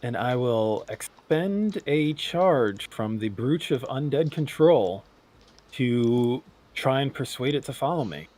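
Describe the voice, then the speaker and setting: A man playing a tabletop game, calmly describing his character's actions with some fillers. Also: mid-range voice, slow. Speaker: player.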